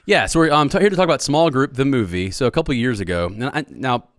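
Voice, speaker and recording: A man with a Southern US accent, a filmmaker guest talking in a relaxed, jokey, rambling way on a podcast. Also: mid-range voice, fast talker, dry recording, clean studio sound. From Georgia, US. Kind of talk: casual podcast interview.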